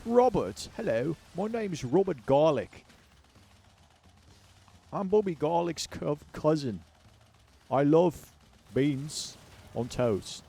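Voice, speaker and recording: A man's voice: fairly high pitch, expressive, slow pace, creaky, pauses often, mellow, slightly rough, pitched above the performer's own voice, exaggerated voice. A man voicing a pompous British male politician with a British accent, repeating his hellos in a stuffy way. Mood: chummy.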